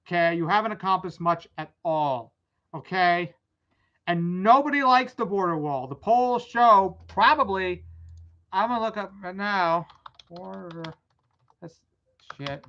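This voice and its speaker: Low-voiced woman ranting, lo-fi sound. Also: pushed and bright. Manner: blunt, swearing, exasperated ranting. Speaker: vlog host. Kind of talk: casual rambling commentary. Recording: dull lo-fi audio.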